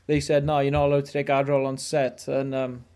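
Rambling guy, mellow voice. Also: medium pitch, completely flat delivery, a little fast, clean tone. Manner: rambling, many fillers and restarts. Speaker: podcast host. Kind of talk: casual chat, recounting news.

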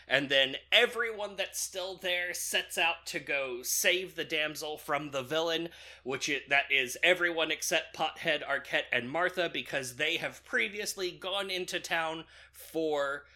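A man with a bright, fairly high voice recaps a film for a podcast. His retelling is loose and jokey, full of "like" and "uh," restarts and little laughs at his own jokes. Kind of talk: casual movie recap chat.

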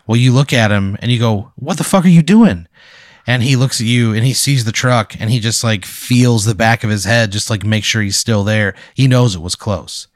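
A man improvises a second-person story for a guest in a loose, rambling way, full of filler words. His voice is fairly low. The recording is dry and close. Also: steady tone, moderate pace, few pauses, no echo. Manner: casual, rambling, many "like" fillers. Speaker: host narrating a hypothetical.

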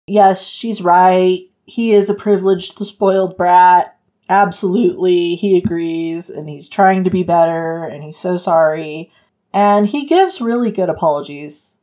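A woman's voice: lowish voice, a little slow, warm tone. A woman hosting a book podcast, retelling the story in a casual chat and acting out quotes with frequent laughs.

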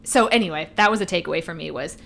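A woman's voice: fairly low pitch, racing, vocal fry, fairly bright tone, a little hiss or hum. A woman co-hosting a podcast in casual chat, rambling and swearing freely, laughing as she goes. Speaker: podcast co-host.

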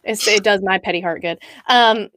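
A woman hosting a casual talk show, relaxed, reading out listener questions. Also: mid-range voice, normal speed, no room sound. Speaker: podcast host. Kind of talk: casual chat.

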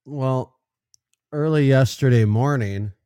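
A man co-hosting a live news show, reading headlines with halting restarts and a sarcastic edge. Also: medium pitch, warm tone, clean tone, dry recording. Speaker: co-host. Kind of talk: casual live news chat.

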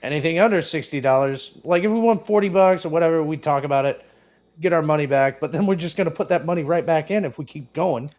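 A man co-hosting a casual podcast, rambling through a story and prone to excited outbursts. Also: on the high side, fast. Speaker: co-host.

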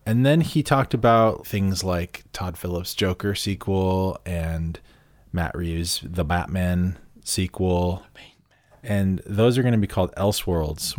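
A man's voice: deep voice, no echo, clean studio sound. A man co-hosting a podcast, talking in a loose, eager, rambling way full of fillers and restarts. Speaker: podcast co-host. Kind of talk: casual podcast chat.

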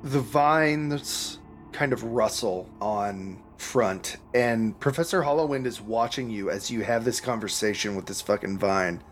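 A man's voice: lowish voice, a little slow, a little hiss or hum. A man narrating a tabletop game as dungeon master, casual and profane.

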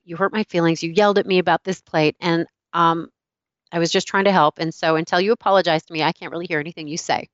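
A middle-aged woman giving a self-help talk, calmly telling a personal story and acting out the dialogue in it. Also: lowish voice, no room sound, lo-fi sound. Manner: calm storytelling with quoted dialogue. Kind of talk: reflective personal teaching talk.

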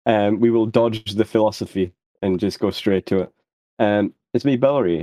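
A man's voice: lowish voice, normal speed, mellow, dry recording. A man playing a tabletop game, rambling through his character's introduction in a jokey way. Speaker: player. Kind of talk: casual tabletop game chat.

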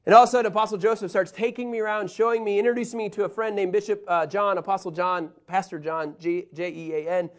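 A man delivers a Bible lesson in a preaching style, his voice sitting fairly high for a man. He tells stories with energy, pushing some lines out loudly and dropping others to near asides. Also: quick pace, hardly any pauses. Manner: animated storyteller, shifts between loud emphasis and quiet asides. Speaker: Bible teacher.

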